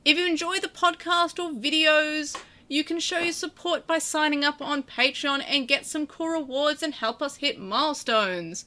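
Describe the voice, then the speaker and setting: A pushy, fast-selling auctioneer, as a woman puts it on, pitching every line like a lot for sale. The voice sits high and sounds bright and cutting, drawing out words in a salesy sing-song. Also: slight background noise. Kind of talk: podcast sign-off read in a put-on voice.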